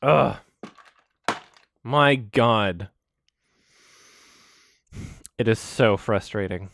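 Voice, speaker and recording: A man's voice: lowish voice, slow pace, vocal fry, a bit bright, no echo. A man from Canada, ranting on a livestream in a heated, profane, emphatic way. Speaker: streamer. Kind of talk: angry livestream rant.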